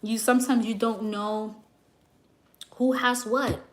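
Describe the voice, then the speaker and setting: A young woman who works as a psychic reader, telling a story to her viewers in a brash, animated way and swearing freely. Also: a little high, slow pace.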